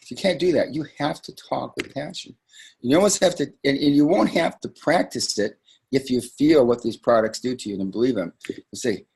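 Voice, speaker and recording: A man's voice: mid-range voice, moderate pace, vocal fry, a little mellow, slightly rough. A man hosting a live sales training call for his team, talking in a conversational, emphatic way with frequent asides.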